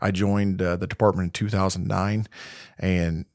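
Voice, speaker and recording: A man with a low Midwestern voice tells a story as a podcast guest. He rambles easily and starts lines over as he goes. The sound is dry and close. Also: moderate pace, dry recording. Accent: Midwestern American. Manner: relaxed, rambling, many fillers and restarts. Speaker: podcast guest, corrections lieutenant. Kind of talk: casual storytelling interview.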